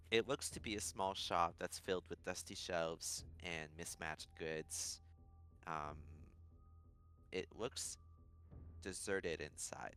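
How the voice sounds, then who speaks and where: A man narrates a tabletop game as game master, his voice deep yet bright. He describes each scene haltingly, pausing often with fillers between phrases. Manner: hesitant, many pauses and fillers.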